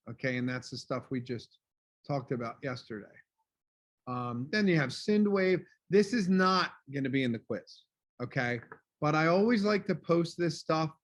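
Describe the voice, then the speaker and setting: A male teacher giving a casual online class review, loud and full of fillers like "um" and "okay?", speaking over a video call. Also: fairly high pitch.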